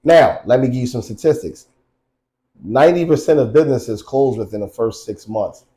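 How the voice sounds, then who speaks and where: A man's voice: mid-range voice, expressive, normal speed, warm tone, rough recording. A man co-hosting a casual podcast, telling stories and teasing with blunt, profane talk. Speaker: co-host.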